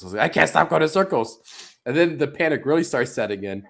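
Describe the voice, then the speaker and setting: A man on a podcast, telling his own mishaps in an animated, self-mocking way with lots of laughter. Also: medium pitch, fast talker, creaky. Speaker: podcast co-host. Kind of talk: casual chat.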